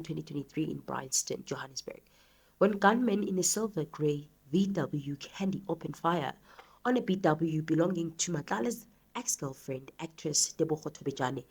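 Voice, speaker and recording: A woman talks through the news in a measured commentary style. Her voice sits on the low side and carries a husky, breathy texture. She leans into each point with earnest, emphatic delivery. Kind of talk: commentary reading news articles.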